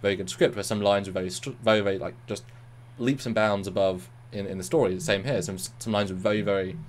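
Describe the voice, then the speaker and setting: Low-voiced man reviewing in quick bursts. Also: slight background noise. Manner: animated, repeats words in quick bursts. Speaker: co-host of a review show. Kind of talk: casual review chat.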